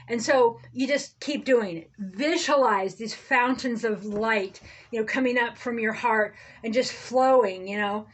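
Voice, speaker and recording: A woman's voice: high-pitched, a bit bright, rough recording. A woman reverend rambling through a spiritual monologue, sarcastic and digressive, often losing her thread and starting over. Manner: sarcastic, digressive, self-interrupting. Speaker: reverend, online host.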